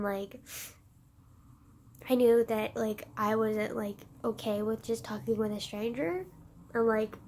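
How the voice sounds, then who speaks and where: A woman's voice: on the high side, a little mellow, slight background noise. A woman vlogger talking in an emotional confessional, teary and laughing through tears, rambling with constant fillers.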